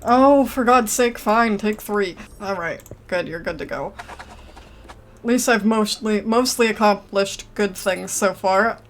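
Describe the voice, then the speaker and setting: A woman's voice: medium pitch, measured pace, a little hiss or hum. A woman giving casual gameplay commentary, chatty and self-mocking, reading game text aloud and reacting with exasperated outbursts. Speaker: let's play gamer.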